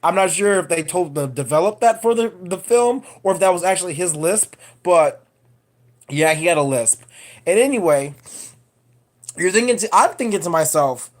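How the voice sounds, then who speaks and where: A woman's voice: on the low side, lively intonation, moderate pace, a little mellow. A woman vlogger giving a casual, profane, digressive film review rant.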